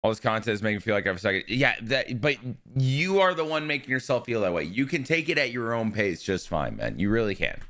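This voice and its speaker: A man's voice: fairly low pitch, sing-song, fast talker, a bit bright. A young man streaming live, talking casually and with energy to his chat and greeting viewers by name.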